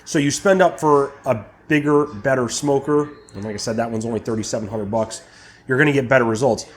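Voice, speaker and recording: A young man hosting his barbecue channel, chatting casually while tasting brisket and sometimes talking with his mouth full. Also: medium pitch. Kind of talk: casual cooking vlog, tasting and reviewing.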